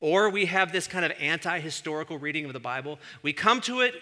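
Give me a male pastor with a fairly high, very bright voice preaching a lively sermon. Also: fast. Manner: animated, conversational, acts out quotes.

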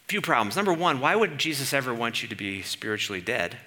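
A man preaching a sermon in an animated way, asking the room questions and building to emphatic peaks. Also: medium pitch, fast talker, hardly any pauses.

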